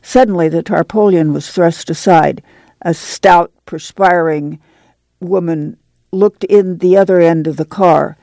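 An audiobook narrator reading a novel aloud in an even, unhurried manner. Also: medium pitch, creaky, dry recording.

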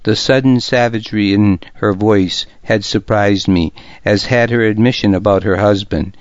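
A man narrating a historical novel in the first person, calm and measured. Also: on the low side, no room sound. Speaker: audiobook narrator. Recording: dull lo-fi recording.

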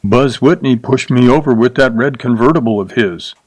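A man's voice: medium pitch, moderate pace, no echo, close to an everyday voice. A male narrator voicing a young cowboy who talks meekly and apologetically in a storybook reading. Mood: apologetic. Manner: apologetic, pleading.

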